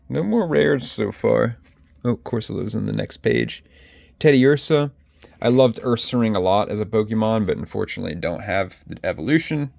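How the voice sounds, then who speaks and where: Gravelly low-voiced man showing his collection. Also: a little mellow, no echo. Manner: chatty, self-correcting, addresses viewers directly. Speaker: collector vlogger. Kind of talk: casual card collection walkthrough.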